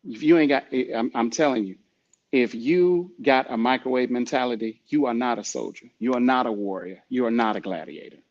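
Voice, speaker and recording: A man gives a motivational podcast talk, speaking straight at the listener in a preachy, repetitive way. His voice sits at a middle pitch. The recording sounds dull and lo-fi. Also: brisk. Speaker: podcast host.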